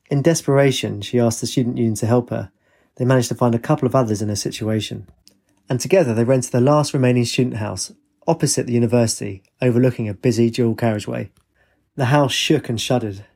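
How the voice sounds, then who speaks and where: A man reading a story aloud in a steady, even storytelling manner. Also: mid-range voice, gravelly. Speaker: narrator. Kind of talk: storybook narration.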